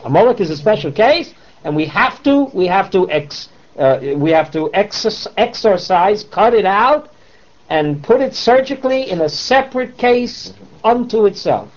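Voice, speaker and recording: A man's voice: high voice, lively intonation, normal speed. A man teaching a Torah class, switching between English and Hebrew terms and posing rhetorical questions to his students. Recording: dull lo-fi classroom recording.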